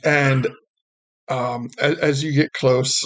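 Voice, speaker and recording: A man's voice: medium pitch, steady tone, takes it slowly. A man narrating as game master of a tabletop game, rambling with many restarts.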